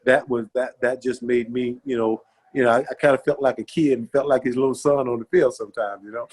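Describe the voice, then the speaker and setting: A middle-aged man, a former pro linebacker, telling stories in a relaxed podcast interview, folksy and repetitive with lots of "you know". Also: medium pitch, a little fast, breathy edge. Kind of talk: casual storytelling interview.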